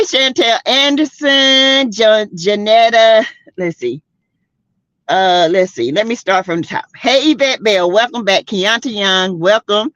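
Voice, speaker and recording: Sassy southern lady doing reality tv gossip live, high lively voice, dry close mic, kinda dull lo-fi sound. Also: no room sound. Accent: Southern American. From South Carolina. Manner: sassy, emphatic, laughs often, greets chat viewers by name. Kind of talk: casual live-stream commentary.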